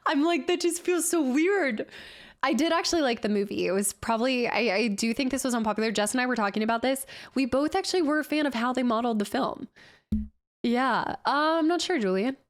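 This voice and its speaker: A woman streamer reacting live in casual chat, talkative and quick to laugh at herself. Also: sits high. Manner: chatty, laughs often, self-deprecating.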